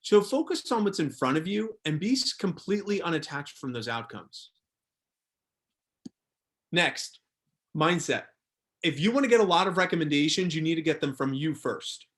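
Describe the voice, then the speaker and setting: A man's voice: on the high side, expressive, normal speed, pauses often. A young man leading a sales training workshop, speaking emphatically and repeating his key phrases.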